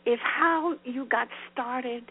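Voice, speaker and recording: A woman's voice: sits high, slow pace, slightly rough. A woman hosting a radio show, asking her guest friendly, inquisitive questions. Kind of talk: radio interview. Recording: tinny phone-like radio sound.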